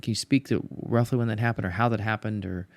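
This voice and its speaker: A man's voice: fairly low pitch, fairly even intonation, fast. A middle-aged man hosting a podcast, asking thoughtful, searching questions and often restarting his phrases. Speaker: podcast host. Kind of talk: reflective interview questions.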